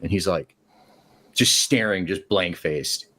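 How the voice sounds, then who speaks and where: This man's voice sits low and his pace is slow as he phones a late-night show. He tells a lengthy work story in a casual way, animatedly performing the quotes in shifting voices.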